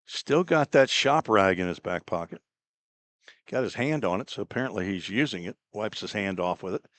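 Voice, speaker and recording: A man calls a baseball game in an unhurried, conversational way, filling the gaps between pitches with casual remarks. His voice sits low, and the recording is dry and close, with no room sound. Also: no room sound. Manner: relaxed, chatty, laughs at own slips. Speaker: play-by-play announcer. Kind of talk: baseball play-by-play commentary.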